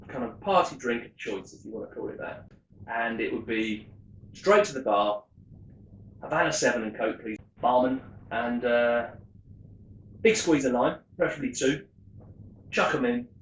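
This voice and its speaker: A man, telling stories in a chatty, animated way on a rum tasting vlog. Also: mid-range voice, slight background noise. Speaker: rum vlogger. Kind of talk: casual tasting vlog storytelling. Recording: echoey room.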